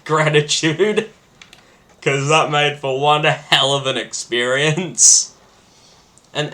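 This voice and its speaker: A man chats on his own podcast in a bright, forward voice. He rambles and restarts, piling on fillers as he gets excited. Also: on the high side. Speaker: podcast host. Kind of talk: casual solo podcast chat.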